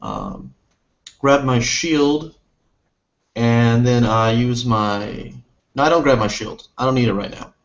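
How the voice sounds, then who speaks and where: A man plays a tabletop game, talking through his character's actions in the first person and correcting himself mid-sentence. His voice sits at a middle pitch. The recording sounds dull and lo-fi. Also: big pitch swings, takes it slowly, long pauses. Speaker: player.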